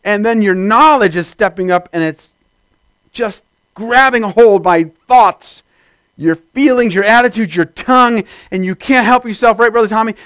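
A man's voice: high voice, normal speed, smooth, no echo. Fiery preaching man, dry close sound. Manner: energetic preaching, bursts into loud shouted amens. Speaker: pastor. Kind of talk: sermon.

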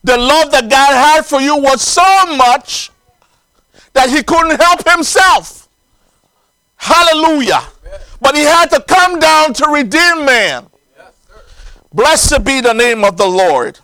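A man's voice: very high voice, lively intonation, takes it slowly, long pauses, bright, forceful tone, dry recording, low-quality recording. A man preaching a sermon in an earnest, emphatic way, stressing single words as he explains scripture.

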